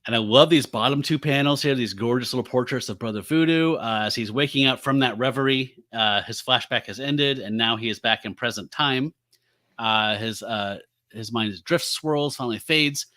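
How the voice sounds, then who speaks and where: A man co-hosting a podcast, casually recapping a comic and acting out its dialogue in a relaxed way. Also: mid-range voice, moderate pace, no echo, clean studio sound. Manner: relaxed, recaps and acts out quotes with laughs. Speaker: podcast co-host. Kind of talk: casual comic book discussion.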